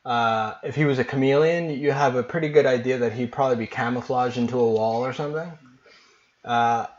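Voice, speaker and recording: A man's voice: mid-range voice, steady tone, fairly quick. Man narrating a tabletop game, muffled. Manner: casual, hesitant, many fillers. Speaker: game master.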